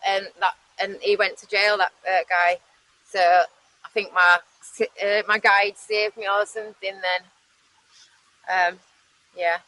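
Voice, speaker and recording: A woman with a Yorkshire accent from West Yorkshire, telling her own life story candidly, halting with fillers and restarts, and swearing bluntly. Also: fairly low pitch, fairly bright tone, poor audio. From West Yorkshire, England. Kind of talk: candid personal testimony.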